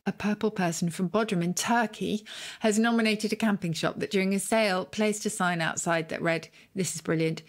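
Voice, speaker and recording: A woman's voice: medium pitch, fairly even intonation, a little fast. A woman co-hosting a podcast who explains things in a thoughtful, careful way. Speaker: podcast co-host. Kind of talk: casual chat.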